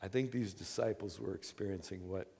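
A man preaching a sermon as earnest storytelling, moving between hushed, quiet passages and loud, excited bursts. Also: sits low, a little fast, gravelly, slightly rough. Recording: long reverb of a hall.

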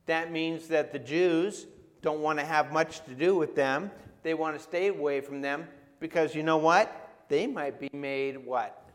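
A man's voice: on the high side, a little slow. Conversational preaching man in a reverberant hall. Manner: conversational, asks the audience questions. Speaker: pastor. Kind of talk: sermon.

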